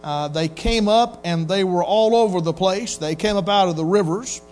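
A man's voice: high-pitched, normal speed, a little mellow, faint music behind. A man preaching a sermon in a folksy, storytelling way, acting out quotes. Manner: folksy Southern preacher, acts out quotes in voices. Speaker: pastor.

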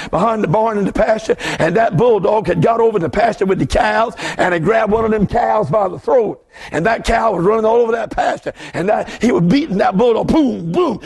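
A Southern US man whose voice has a breathy edge preaches at a revival as a guest speaker, full of fervor. His sermon drops to low asides and climbs into shouted bursts.

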